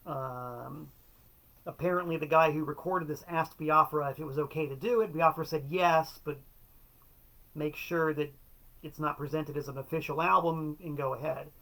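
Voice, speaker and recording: A man's voice: a little high, fairly even intonation, normal speed, vocal fry, pushed and bright. A middle-aged man hosting a casual solo show, telling stories in an enthusiastic, wry way with playful quotes. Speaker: show host and record collector.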